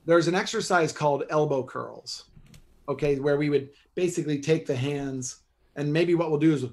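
Man, slightly high voice, animated, joking coach, podcast guest. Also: normal speed. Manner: animated, joking, teaches by demonstration. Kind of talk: energetic coaching talk.

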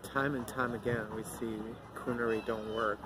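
Blunt middle-aged man over loud traffic. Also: mid-range voice, level tone, normal speed. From Mexico. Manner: blunt, outspoken, rambling with many fillers. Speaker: vlogger. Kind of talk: casual outdoor vlog rant. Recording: loud outdoor traffic noise.

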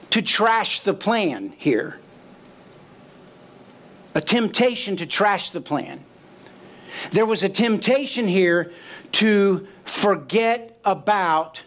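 Male pastor, sermon delivery, high voice, deliberate slow pacing, quizzes the congregation. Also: fairly bright tone. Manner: questions the congregation, acts out quoted voices. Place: church sanctuary.

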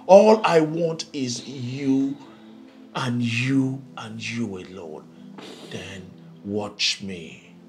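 A Nigerian actor playing a controlling husband in a film drama, talking slowly and swinging from hushed pleading to loud outbursts. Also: male voice, lowish voice, heavily acted. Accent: Nigerian English. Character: resentful controlling husband, man, adult.

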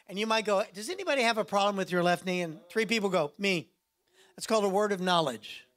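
A man's voice: high voice, a bit bright. A man preaching a sermon to a congregation, playful and self-mocking, often acting out quoted voices. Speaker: pastor.

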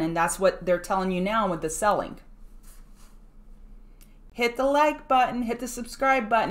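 A woman hosting a pre-market trading show, talking through charts in a chatty, self-deprecating way with lively asides. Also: medium pitch. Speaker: market analyst host. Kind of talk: casual market commentary.

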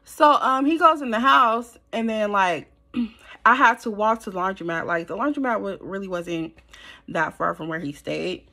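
A woman telling a storytime to her viewers, animated and blunt, swearing freely, sitting close to the camera at home. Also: medium pitch, normal speed. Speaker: storytime vlogger. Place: at home in front of a ring light. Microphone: camera held close.

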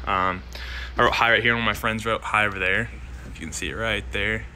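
Talking to a handheld camera, a college-age man rambles through his dorm room, full of fillers and drifting off topic. His lowish voice is bright and forceful, steady in tone, and quick, over slight background noise.

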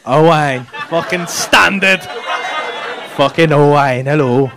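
A male stand-up comedian does crowd work on a comedy club stage, teasing the audience with sweary banter. His voice is a little high and slow, and the noisy live club recording picks up crowd noise and audience laughter.

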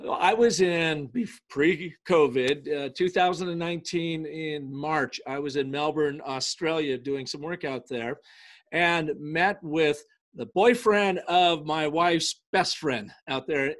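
A middle-aged man, a guest on an interview show, tells business stories in a lively way and acts out the quoted dialogue. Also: a little high, takes it slowly. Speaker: guest, brand storytelling consultant. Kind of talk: storytelling in a casual interview.

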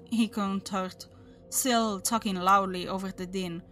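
A woman's voice: medium pitch, flat delivery, a little slow, a bit bright, soft background music. A woman narrating a horror story aloud, voicing the characters as she reads. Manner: dramatic reading, voices the characters.

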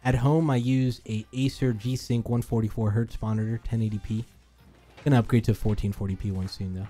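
A man's voice: lowish voice, fairly even intonation, a little fast, warm tone, faint music behind. A man co-hosting a live stream from a studio, chatting casually and joking with viewers. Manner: playful, banters and sings snippets. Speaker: livestream co-host. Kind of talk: casual joking livestream chat.

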